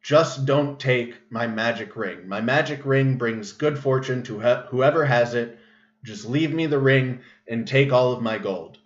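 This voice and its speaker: A man's voice: medium pitch, a little slow, close to an everyday voice. A man doing a beaten dragon pleading for its ring. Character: defeated male dragon bargaining for his ring. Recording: echoey room, dull lo-fi sound.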